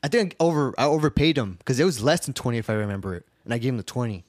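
A man's voice: mid-range voice, animated, rapid-fire, no room sound, studio quality. A man telling a rowdy, profane story to a friend, often laughing and acting out what he said back then. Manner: profane, laughing storyteller who acts out his own lines. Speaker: podcast co-host. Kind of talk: casual storytelling chat.

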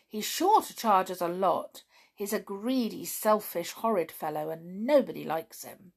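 A woman's voice: medium pitch, animated, measured pace, gravelly. A woman voicing a cheerful young male brownie who talks eagerly and persuasively.

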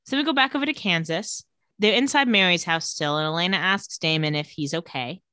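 A woman's voice: lowish voice, a little fast, sharp tone, clean tone, no echo, studio quality. A woman co-hosting a podcast, casually recapping a TV episode in a playful, slangy way. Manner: playful, slangy, retells scenes quoting characters. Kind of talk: casual chat.

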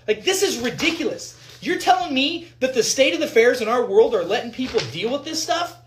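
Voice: high voice, lively intonation, a little fast, a little hiss or hum. Physician, fired-up rant, swears, repetitive, talks to viewers. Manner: addresses viewers directly. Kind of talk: ranting commentary on news articles.

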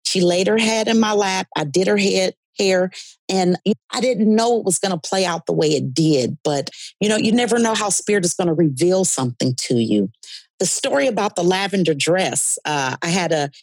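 A woman's voice: fairly low pitch, animated, normal speed, no echo. A woman guest earnestly telling stories and explaining her spiritual beliefs with conviction in a podcast conversation. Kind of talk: storytelling conversation.

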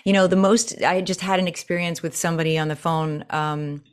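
A woman coach talking in a casual interview, telling stories with lively swings in her voice. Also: a little fast, clear, resonant tone. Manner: animated storyteller, acts out quotes with big pitch jumps. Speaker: presentation coach, guest.

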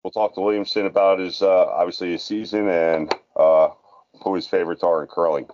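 A man's voice: low-pitched, fairly even intonation, a little fast, a little mellow, lo-fi sound. A man co-hosting a casual racing podcast, chatty and full of offhand wisecracks. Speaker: podcast co-host.

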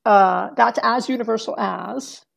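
A woman's voice: on the high side, a little slow, vocal fry. A middle-aged woman talking as a podcast guest, rambling through many fillers and restarts and laughing often. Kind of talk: casual podcast conversation.

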